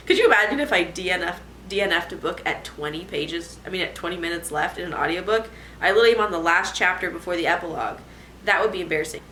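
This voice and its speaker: A young woman chats candidly to her camera at home, bright-voiced and quick to poke fun at herself. The room is echoey, with a faint hum of background noise. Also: medium pitch. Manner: candid, animated, self-deprecating. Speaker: vlogger. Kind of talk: casual chat to camera.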